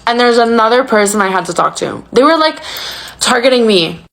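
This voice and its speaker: Young woman chatting, swears a lot, says like every other word, kinda anxious and rushed. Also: fairly high pitch, expressive, gravelly, a bit bright. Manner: chatty, swears freely, heavy use of "like"; anxious, breathless retelling. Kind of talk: casual storytelling.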